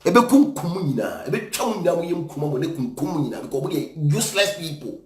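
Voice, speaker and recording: A man's voice: fairly high pitch, big pitch swings, fairly quick, darkish tone, reverberant. A man with a Ghanaian accent, an evangelist, angrily ranting and insulting people in scornful commentary. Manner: scornful, insulting, mixes English and Twi.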